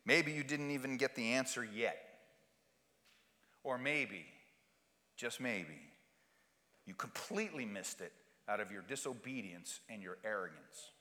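A man's voice: medium pitch, lively intonation, a little slow, long pauses, sharp tone, long reverb tail. A male pastor preaching a sermon, asking rhetorical questions and hammering points home through repetition.

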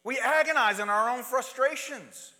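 A man preaching a sermon, swinging from loud, urgent passages to hushed, intimate asides, and acting out quoted prayers and pleas. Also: extremely high pitch, moderate pace. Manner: acts out quoted prayers and pleas in different voices. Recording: long hall reverb.

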